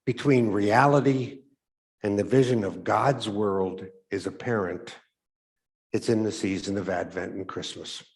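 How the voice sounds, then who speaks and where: Low-voiced man telling a story, measured. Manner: measured, reflective, trailing off softly at phrase ends. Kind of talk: story read aloud for Advent.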